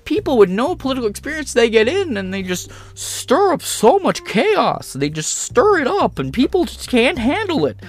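A man doing a mocking impression of an older male pundit, in a high, whiny, self-pitying voice. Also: wildly swooping pitch, normal speed, hardly any pauses, exaggerated voice. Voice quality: high, pleading whine.

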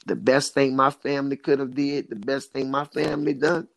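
A man's voice: mid-range voice, fairly even intonation, normal speed, vocal fry, dry recording, low-quality recording. A man as an interview guest, a recovery advocate telling his story earnestly, with emphatic repetition.

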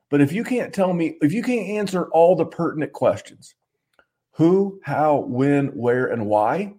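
A man on a podcast works himself into a swearing rant. He stumbles over repeated restarts as he talks, and his voice sits in a middle pitch that leaps up when he gets angry. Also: a little mellow. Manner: fired-up, swearing, stammering restarts; repeats "I, I, I" at starts of lines. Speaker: podcast co-host.

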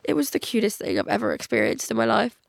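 A 21-year-old woman with a cold, chatting in a rambling solo podcast monologue full of "like", her voice croaky. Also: mid-range voice, huge pitch swings, quick pace, no echo, clean studio sound. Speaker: podcast host. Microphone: podcast microphone.

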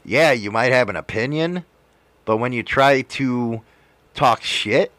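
A man's voice: medium pitch, slow, a bit bright, dry recording. A man hosting a casual podcast chat, talking emphatically and swearing freely. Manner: profane, emphatic storytelling. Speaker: podcast host and motovlogger.

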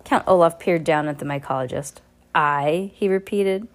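A woman's voice: sits low, a little fast, darkish tone. A woman reading a novel aloud in an unpolished way, often stopping to correct herself. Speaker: reader.

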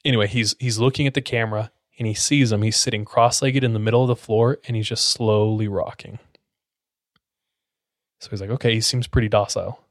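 A man's voice: on the low side, steady tone, a little fast, dry recording. A man telling a creepy story to friends in a casual, suspenseful way with plenty of fillers, close to the mic. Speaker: podcast storyteller.

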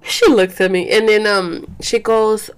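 A young woman talks straight to her viewers from home, loose and candid, with plenty of filler words. Her voice sits at an ordinary middle pitch, and she drops in curses freely. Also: steady tone, measured pace, smooth. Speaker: vlogger. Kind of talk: casual talk to camera. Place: home, caring for a baby.

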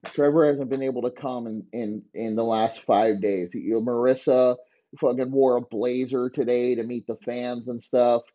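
A man's voice: mid-range voice, steady tone, normal speed, dull audio. A man hosting a podcast, ranting in a crude, mocking, rambling way. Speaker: podcast host. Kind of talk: crude comedic rant.

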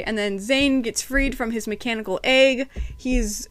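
A woman's voice: a little high, normal speed, dry recording. A woman hosting a podcast, reviewing cartoon episodes in casual, chatty talk and acting out quotes. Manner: chatty, giggly, acts out quotes.

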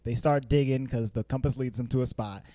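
A man in casual conversation, recapping a movie, playful and quick to laugh, with many fillers. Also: medium pitch, steady tone, dark tone.

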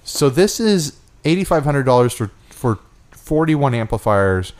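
A man's voice: medium pitch, big pitch swings, a little slow. A man co-hosting a casual podcast chat, talking loosely with fillers and teasing his co-host. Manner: chatty, teasing, thinks aloud with fillers.

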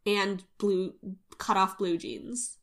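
A young woman co-hosting a podcast, retelling a reality show in a wry, deadpan, casual way. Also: mid-range voice, slow pace. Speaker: podcast co-host.

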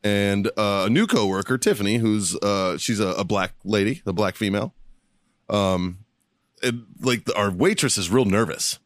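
A man's voice: on the low side, normal speed, no echo, clean studio sound. A man hosting a podcast, telling stories in casual chat, laughing often and swearing constantly. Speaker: podcast host.

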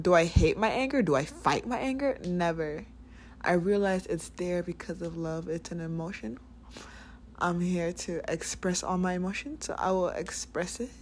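A young woman giving a blunt, emphatic motivational talk about anger and the past, swearing freely as she goes. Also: lowish voice. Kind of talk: motivational self-help talk.

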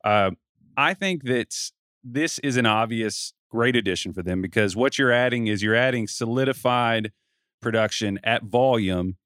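A man co-hosting a podcast, talking basketball in a loose, halting way with frequent restarts. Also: mid-range voice, a bit bright, no room sound, studio quality. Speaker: podcast co-host. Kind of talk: casual basketball chat.

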